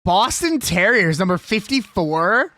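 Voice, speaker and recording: Lively, chatty live streamer. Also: mid-range voice, measured pace, no echo, studio quality. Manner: chatty and opinionated, reading a list aloud with laughs. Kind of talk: casual live-stream chat.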